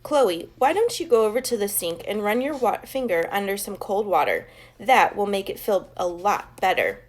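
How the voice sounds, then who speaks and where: A woman voicing a calm, patient schoolteacher in a storybook, gentle but firm. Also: medium pitch, moderate pace.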